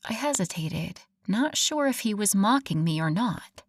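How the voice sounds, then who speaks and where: A woman narrating a first-person romance audiobook in an expressive, wry storytelling manner. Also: mid-range voice, measured pace, hardly any pauses, no echo, clean studio sound.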